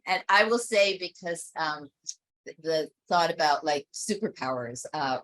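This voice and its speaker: Woman webinar host, low and bright, lively storyteller, dry sound. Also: measured pace, no echo, rough recording. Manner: animated, laughing storyteller. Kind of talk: casual group discussion.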